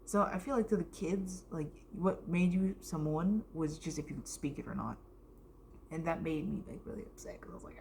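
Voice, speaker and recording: A woman's voice: deep voice, moderate pace, creaky, warm tone, slight background noise. A young American woman telling a casual storytime vlog, rambling with lots of fillers and the odd whispered aside. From United States.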